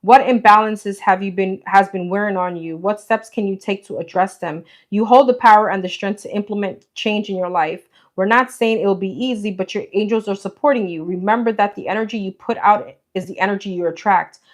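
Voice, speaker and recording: On a tarot live stream, a New York woman talks fairly quickly in a mid-range voice with hardly any pauses. Chatty and informal, she addresses her audience as "girl" and "guys"; the phone recording has room echo and a faint hiss.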